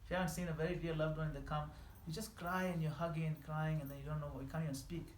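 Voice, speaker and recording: A man's voice: on the high side, flat delivery, fast talker. Earnest male teacher in an echoey room. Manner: earnest, quotes prayers in a soft pleading tone. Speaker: spiritual teacher. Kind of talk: devotional class. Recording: echoey room with faint noise.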